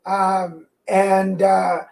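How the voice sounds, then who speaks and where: A woman with a slight Mexican accent, hosting a livestream tarot show and chatting casually and excitedly to viewers, often restarting her sentences. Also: medium pitch, very slow, creaky, low-quality recording. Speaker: livestream tarot reader host. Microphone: corded mic.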